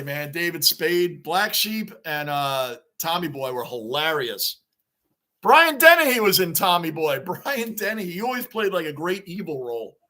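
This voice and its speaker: A man hosting a live sports reaction stream, excitable and rambling as he answers viewers' chat. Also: on the high side. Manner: excitable, talks back to chat comments, rambling.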